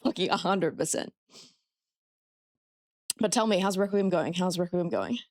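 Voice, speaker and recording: A woman's voice: fairly low pitch, lively intonation, unhurried, a little mellow, dry recording, studio quality. An Australian woman streaming a horror game, chatting with her viewers and swearing freely. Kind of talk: casual live-stream gameplay commentary.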